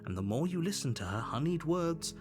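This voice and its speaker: A man with a British accent voicing a stern, all-knowing narrator in a video game, delivering measured, grave warnings. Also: on the high side, sing-song, a little mellow. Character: stern omniscient male narrator, ominous warner. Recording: game audio under music.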